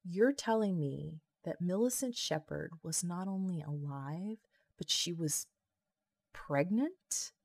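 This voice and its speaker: A blunt, skeptical grown man, as a woman reads him in an audiobook, terse and incredulous. The voice sits low with a gravelly edge. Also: animated, slow pace, darkish tone, dry recording, full character voice.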